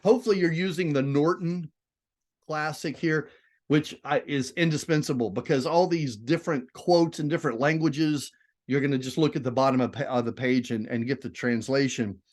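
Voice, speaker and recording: A man teaching a literature class in an animated, digressive way, swinging between loud emphasis and quiet asides. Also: fairly high pitch, moderate pace. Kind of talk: classroom lecture.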